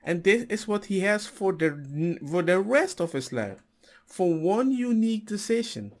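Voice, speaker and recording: A man's voice: high-pitched, very animated, a little slow, a little mellow. A man hosting a reaction video who comments in an indignant, sarcastic way. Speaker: host reacting to a clip.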